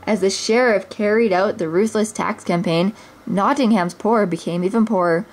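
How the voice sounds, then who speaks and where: A woman's voice: mid-range voice, moderate pace. A woman, a mother, reading a children's storybook aloud expressively, now and then stumbling and restarting a word.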